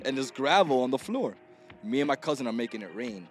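A man hosting a casual podcast chat, telling loud, laughing stories and acting out the people in them. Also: medium pitch, a little fast, over music. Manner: animated storyteller, laughing, acting out voices. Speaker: podcast host.

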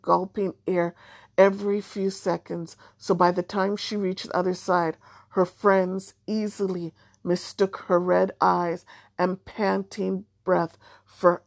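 A woman narrating a children's storybook in a measured, even way. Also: fairly low pitch, vocal fry, no echo, studio quality. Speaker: audiobook narrator.

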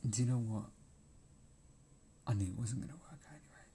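A man's voice: mid-range voice, fairly quick, mellow, a little hiss or hum. A man ranting in a rambling, profane monologue, laughing often and repeating himself.

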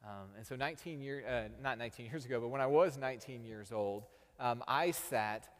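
Pastor preaching in a reverberant sanctuary. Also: male voice, medium pitch, brisk. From Texas. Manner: storytelling with self-deprecating humor. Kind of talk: sermon.

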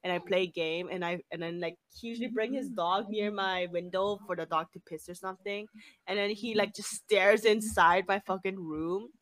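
A young woman chatting casually, telling work stories in an animated way with lots of swearing and "like". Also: mid-range voice, moderate pace. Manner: animated storytelling, frequent swearing and "like". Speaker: cashier. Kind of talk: casual chat.

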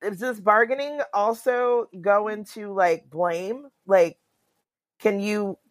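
A woman's voice: medium pitch, slow, dry recording. Conversational woman co-host, dry sound. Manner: conversational, asks questions, backchannels often. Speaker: podcast co-host. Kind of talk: casual chat.

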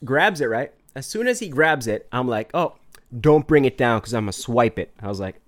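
Man, podcast host, lively swooping delivery, acts out every quote. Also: mid-range voice, moderate pace. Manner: animated storyteller, acts out quotes, laughs often. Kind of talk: casual storytelling chat.

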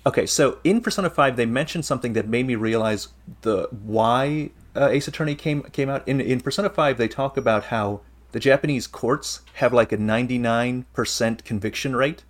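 Man, podcast host, casual chat, eager rambling explanations, mid-pitched voice. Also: normal speed, hardly any pauses.

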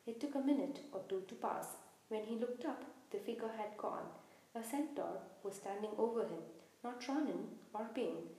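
A woman narrating a storybook in a measured, expressive reading. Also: on the high side. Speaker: audiobook narrator. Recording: very echoey room, faint hiss.

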